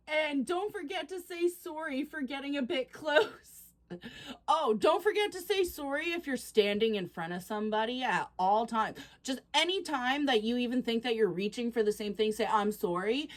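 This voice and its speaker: A chatty, excitable woman casually reacting to posts on her vlog, quick to laugh. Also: high voice. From Canada. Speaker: reaction channel host.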